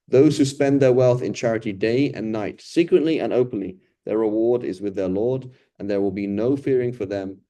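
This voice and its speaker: A man with a low, mellow voice teaching a relaxed Quran lesson. He talks conversationally and keeps asking "right?" to check in with his listeners. Now and then he acts out the people he describes. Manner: conversational, often ends points with "right?"; acts out quoted complainers and beggars. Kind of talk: casual explanatory Quran lesson.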